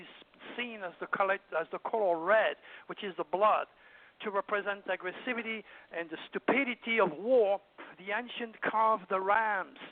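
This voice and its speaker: High-voiced French man lecturing over the phone. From France. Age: older. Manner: lecturing, emphatic, rambling with fillers. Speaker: astrologer guest. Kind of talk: radio call-in talk. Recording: dry, tinny phone line.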